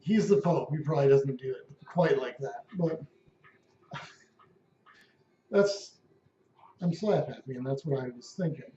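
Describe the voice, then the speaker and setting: A man's voice: mid-range voice, unhurried, long pauses, mellow. A man at home delivering a wry, rambling, profane comic monologue. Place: at home, indoors. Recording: echoey room, dull lo-fi sound.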